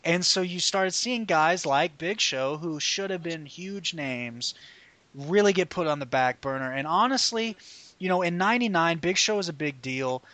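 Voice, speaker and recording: A man's voice: fairly high pitch, normal speed, dry recording. Brash, profane podcast host man. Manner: profane, emphatic and opinionated; animated, often mimics people mid-story. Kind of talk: casual podcast chat.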